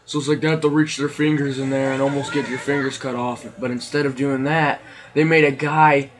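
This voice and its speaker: A man's voice: mid-range voice, flat delivery, fairly quick, rough recording. A man giving casual, rambling gameplay commentary, joking around and laughing often as he talks.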